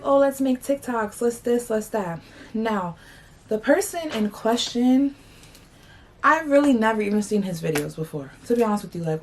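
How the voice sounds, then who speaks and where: A young woman from New York, talking casually as she tells a story and repeats 'like' and 'blah blah'. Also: mid-range voice. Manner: animated, slangy retelling full of 'like' and 'blah blah'. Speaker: vlogger.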